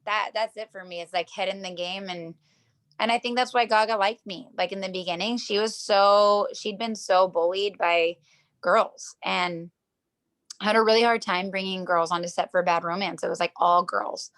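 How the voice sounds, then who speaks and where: A woman's voice: medium pitch, steady tone, moderate pace, a bit bright. Chatty woman dancer on a video call. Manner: rambling storytelling, heavy use of "like", acts out quotes. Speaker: professional dancer, interview guest. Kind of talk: casual interview chat.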